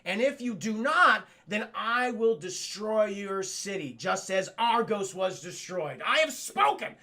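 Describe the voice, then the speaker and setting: A man voicing a vengeful goddess who proclaims her curses slowly and solemnly. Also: high voice, animated, sharp tone, heavily acted. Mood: imperious. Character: vengeful imperious sea goddess.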